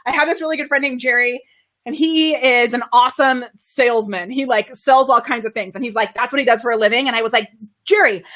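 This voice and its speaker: A camera confidence coach leads a live video stream, bursting with energy and laughing as she talks in a slightly high voice. She's excitable, and her mic sits well away from her.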